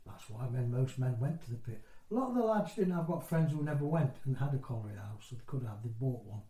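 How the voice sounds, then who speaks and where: A man's voice: mid-range voice, animated, fast talker, dark tone. A man in his sixties from North East England, telling his memories in a rambling, conversational way during an oral history interview. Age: 60s. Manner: rambling, conversational storytelling with broken-off phrases. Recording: roomy echo.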